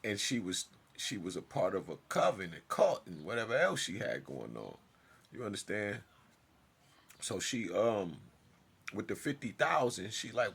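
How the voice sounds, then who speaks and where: A man telling a personal story in a casual monologue, emphatic and swinging from loud outbursts to hushed asides. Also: on the low side, wildly swooping pitch, moderate pace, gravelly, husky. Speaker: storyteller vlogger.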